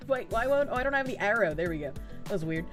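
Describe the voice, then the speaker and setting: A young adult woman live streaming and reading out chat in casual talk, swearing often and swinging between soft mumbling and loud outbursts. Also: mid-range voice, expressive, a little fast, music in the background.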